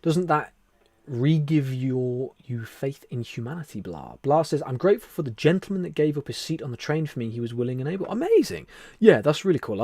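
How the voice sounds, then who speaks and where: A man chats warmly with his viewers while hosting a live stream, reading their comments aloud and calling them "my friend". His pitch swoops up and down a lot, and he moves between hushed, soft speech and sudden louder laughter. The sound is dry and close, from a headset mic. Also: no room sound. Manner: chatty and friendly, calls viewers "my friend" and "buddy", laughs often; shifts between soft near-whisper and louder talk. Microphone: headset mic with headphones.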